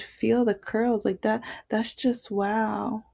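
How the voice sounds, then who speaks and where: A woman's voice: fairly high pitch, level tone, slow, gravelly, warm tone. A woman vlogger giving blunt, indignant, unscripted commentary.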